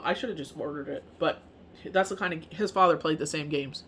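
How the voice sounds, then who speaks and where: A woman's voice: on the low side, fairly even intonation, fast, a little hiss or hum. Rambling woman tarot reader, chatty. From Canada. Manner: rambling, heavy on fillers like "you know what I mean". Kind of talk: casual spoken monologue.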